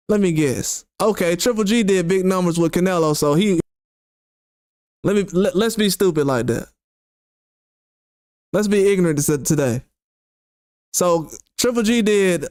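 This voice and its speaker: High-voiced man ranting about boxing. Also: moderate pace, long pauses, dry recording, studio quality. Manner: animated, mocking, quotes critics sarcastically. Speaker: boxing channel host. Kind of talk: opinionated commentary rant.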